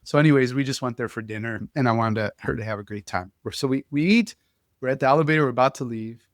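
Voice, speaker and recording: A man hosting a podcast who tells stories in an animated, casual way, often restarting his sentences. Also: medium pitch, fast, no room sound, clean studio sound. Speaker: podcast host. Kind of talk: casual conversational storytelling.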